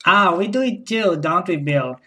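A woman's voice: lowish voice, expressive, moderate pace, fairly bright tone, poor audio. A woman acting in a comedy sketch as an eager hostess who speaks about home life in earnest corporate buzzwords. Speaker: sketch actor playing a corporate-speak wife.

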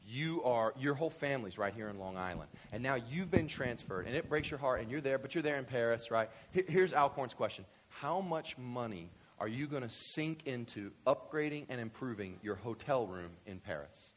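Male pastor, lively sermon delivery, loud spikes. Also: mid-range voice, normal speed, hardly any pauses. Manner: animated, swings from quiet to loud excited bursts.

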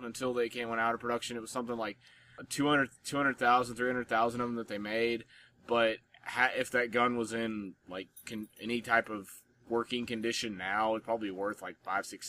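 American man, podcast co-host, casual chat, rambling, bright forceful voice. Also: mid-range voice. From United States. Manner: rambling, heavy on "like" fillers.

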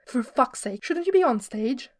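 Woman reading grumpy male club owner, loud complaining, exasperated, fairly high voice, dry close sound. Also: animated, normal speed, dry recording.

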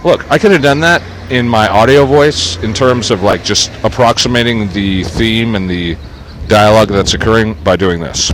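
A man's voice: fairly low pitch, moderate pace, slight background noise, rough recording. A man talking casually outdoors in a rambling, sarcastic way, swearing often as he comments on a book he reads from. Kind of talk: casual profane rant while reading a book aloud.

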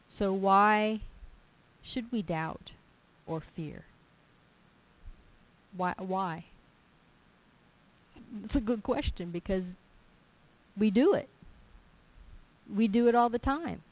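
A woman gives a testimony sermon at church, telling stories emphatically and acting out the dialogue as an animated storyteller. Her mid-range voice moves very slowly, with long pauses. The recording quality is low.

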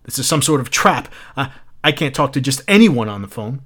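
A man's voice: medium pitch, very animated, a little fast, a bit bright. A man voicing a nervous, frightened old professor who stammers on the phone. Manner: jittery, stammering.

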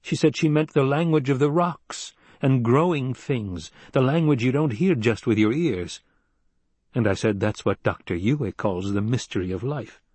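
A man's voice: medium pitch, moderate pace, a little mellow, breathy edge, dry recording, natural voice. A man voicing an earnest, troubled young male heir who speaks urgently when upset.

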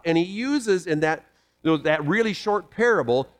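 A man preaching a sermon, reading scripture passages aloud and commenting on them with animated emphasis. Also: high voice, moderate pace. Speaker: pastor.

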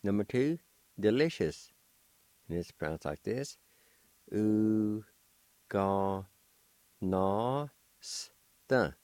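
Slow, patient man with a deep voice. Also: animated, darkish tone, dry recording. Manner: slow, patient, careful letter-by-letter spelling. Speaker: language teacher and radio host. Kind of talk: slow spelling and pronunciation lesson.

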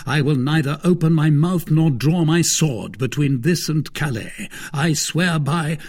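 A man reading the lines of a calm, dry-witted musketeer in a measured, low-key way, with a husky voice.

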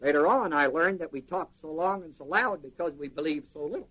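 A man preaching a sermon in an animated way, quizzing the congregation with questions. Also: fairly high pitch, a little fast. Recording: dull lo-fi sermon recording.

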